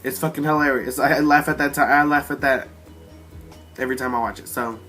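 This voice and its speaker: A man's voice: mid-range voice, a little fast, soft background music. A man casually telling a rambling, profane storytime about a fight at home. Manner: profane, rambling, animated retelling. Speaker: storyteller vlogger.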